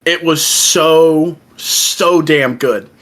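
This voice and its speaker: A young man co-hosting a podcast in casual chat, excitedly retelling events and acting out the quoted lines. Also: fairly high pitch, drawn-out words, rough recording. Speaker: podcast co-host. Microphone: remote call.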